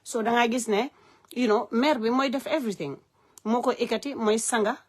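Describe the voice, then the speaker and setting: This live-stream host and advocate talks unscripted from her phone, her voice sitting on the high side. Heartfelt and sincere, she stumbles along with frequent "um"s while switching languages.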